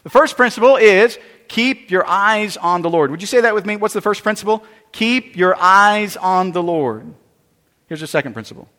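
A man's voice: high voice, expressive, moderate pace, sharp tone. A man preaching a sermon with dramatic delivery, acting out the voices of Bible figures and worried churchgoers. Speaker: pastor. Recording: long hall reverb.

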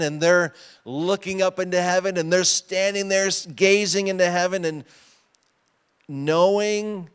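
A man's voice: on the high side, clear, resonant tone. A pastor preaching a sermon to his congregation, emphatic and often asking them questions. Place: church sanctuary.

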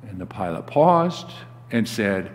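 A man's voice: lowish voice, sing-song, measured pace. An older man preaching a sermon as a guest pastor, telling stories and acting out the quoted lines with rising emphasis. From United States. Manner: storytelling, acts out quoted dialogue with rising emphasis. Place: church sanctuary. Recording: long hall reverb.

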